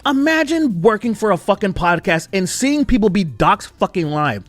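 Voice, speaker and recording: A young man delivers a heated commentary rant, swearing hard and hammering his points. His fairly high voice swings widely up and down. The sound is dry, with faint music underneath. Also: very animated, normal speed, fairly bright tone, no room sound. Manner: profane, heated, emphatic. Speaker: commentary YouTuber.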